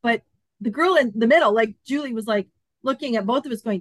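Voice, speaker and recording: Animated woman storyteller, dry close sound. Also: fairly high pitch, fairly quick, no room sound. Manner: animated, acts out quoted dialogue. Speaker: podcast guest. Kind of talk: storytelling in an interview.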